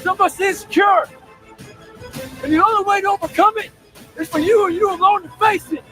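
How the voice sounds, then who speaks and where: A man shouting a forceful, profane motivational speech. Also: very high-pitched, brisk, faint music behind, poor audio.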